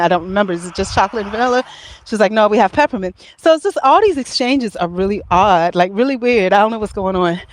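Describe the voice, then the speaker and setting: Chatty woman telling a story with laughs. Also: on the high side. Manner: chatty, rambling, laughs often while telling. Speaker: vlogger. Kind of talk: casual storytelling to camera.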